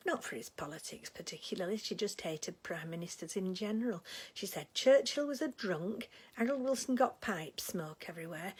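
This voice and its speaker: A woman playing a breathy gossiping village lady. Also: lowish voice, darkish tone. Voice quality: very breathy, husky voice. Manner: chatty, rambling, fond gossip. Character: gossipy, sentimental older English village woman. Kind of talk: comic character monologue.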